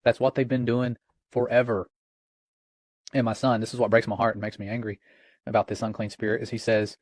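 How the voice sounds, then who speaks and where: A man's voice: medium pitch, flat delivery, fairly quick, pauses often, no room sound. A man giving an earnest, cautionary religious talk in a conversational way.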